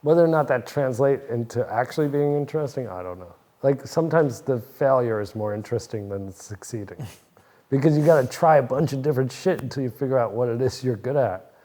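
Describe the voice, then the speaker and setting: A man's voice: medium pitch, a little fast, mellow. Rambling, profane man in his forties. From New Jersey. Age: 40s. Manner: loose, rambling, profane, laughs often. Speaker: interview guest. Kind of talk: casual chat.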